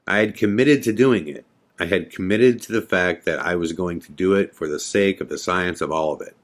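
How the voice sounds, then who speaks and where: A man's voice: low voice, moderate pace. A man hosting a podcast, telling a story in a casual, conversational way full of fillers and quoted dialogue. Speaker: podcast host.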